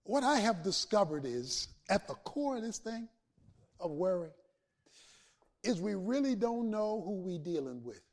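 A man a sermon to his congregation, building from steady talk to shouted peaks and back down. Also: high-pitched. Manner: preaching with swells to shouts and dramatic pauses. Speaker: pastor.

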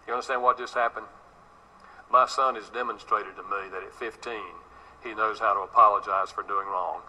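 A middle-aged male preacher with a very bright, forceful voice pitched on the low side. He tells stories from the pulpit and turns to the congregation with questions. A faint hiss of noise sits under the recording. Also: steady tone, normal speed, rough recording. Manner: storytelling preacher, addresses congregation directly. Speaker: pastor. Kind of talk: sermon.

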